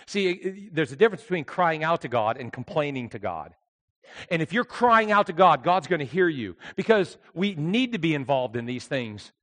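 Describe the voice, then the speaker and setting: A man preaching a sermon with emphatic delivery, swinging between loud outbursts and quiet asides. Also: a little high, very animated, moderate pace, long reverb tail. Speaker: pastor.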